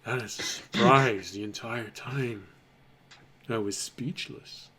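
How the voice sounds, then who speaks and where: A man voicing an adventurer in a tabletop game, delivering the line in a flat, matter-of-fact way. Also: medium pitch, slow, breathy edge, exaggerated voice. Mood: deadpan.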